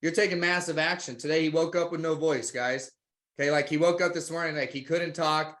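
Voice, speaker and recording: A man's voice: a little high, fairly even intonation, fairly quick, a bit bright. A man hosting a sales webinar, enthusiastic and motivational, talking to viewers as guys. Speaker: webinar host. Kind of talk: webinar interview.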